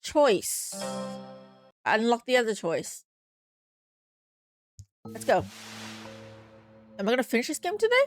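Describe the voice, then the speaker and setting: A woman's voice: on the high side, sing-song, takes it slowly, pauses often, soft background music. A woman playing a story game, reading the narration aloud and breaking off to curse and scold herself. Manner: exclaims at jump scares.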